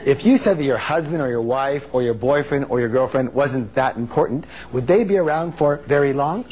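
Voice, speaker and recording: A man with a medium-pitched, darkish voice talks fairly quickly at a live motivational seminar. He's emphatic and jokey, quizzing the crowd and getting them to repeat phrases back in call-and-response.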